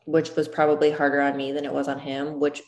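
A woman's voice: deep voice, completely flat delivery, quick pace, darkish tone, highs cut off. A woman in her thirties chatting casually, full of "like" fillers. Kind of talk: casual chat. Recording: roomy echo.

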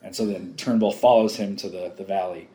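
A man's voice: low-pitched, steady tone, brisk, mellow. Laughing man rambling about a movie. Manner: rambling, laughs often, swears casually. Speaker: podcast co-host. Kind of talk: casual movie commentary chat.

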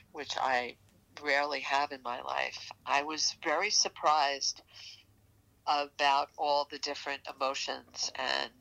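Gravelly New York woman in her sixties. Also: rumbling low, pushed and bright, rough recording. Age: 60s. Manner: halting, searching for words with many fillers. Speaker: guest. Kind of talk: casual interview conversation.

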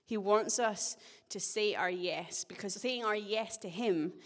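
A woman's voice: medium pitch, unhurried. Young woman preaching in reverberant hall. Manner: chatty, self-deprecating storytelling with humor. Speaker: church speaker. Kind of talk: sermon with personal story. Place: church hall. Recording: long church-hall reverb.

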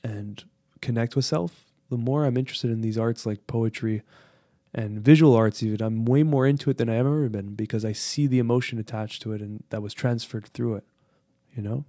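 A man's voice: medium pitch, steady tone, fairly quick, mellow, dry recording, clean studio sound. A man co-hosting a podcast, talking in an earnest, reflective way and laughing easily. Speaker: podcast co-host. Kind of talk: casual podcast chat.

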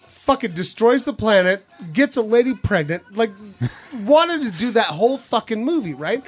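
A woman co-hosting a casual geek chat, excitable and quick to laugh, swearing freely as she gushes. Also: a little high, slightly rough, faint music behind. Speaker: podcast co-host.

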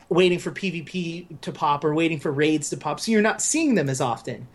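A podcast co-host in casual gaming chat, speaking at a middling pitch. The talk is opinionated and long-winded, full of "uh" and restarts. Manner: opinionated, explains at length with fillers.

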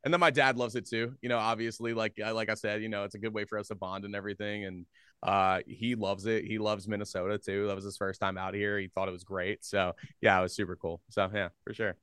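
A man's voice: fairly low pitch, flat delivery, fast, a bit bright, clean tone, no room sound. A young man from the Philadelphia area, a guest talking in a loose, rambling way full of fillers and easy laughs. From Philadelphia area, USA. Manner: loose and rambling, heavy on fillers like "like" and "you know", laughs easily. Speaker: guest, social media creator. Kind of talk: casual interview chat.

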